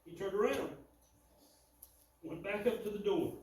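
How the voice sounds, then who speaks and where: A man preaching a sermon, telling a story dramatically, swinging between loud and hushed. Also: high voice, measured pace. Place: church sanctuary. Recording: echoey church from far off, faint noise.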